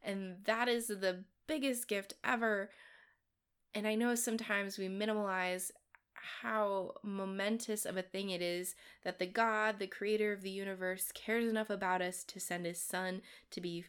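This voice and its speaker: A woman's voice: mid-range voice, steady tone, moderate pace, a bit bright, clear, resonant tone. A woman hosting a faith podcast, talking in an earnest, encouraging way with casual fillers. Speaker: podcast host. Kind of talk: devotional podcast talk.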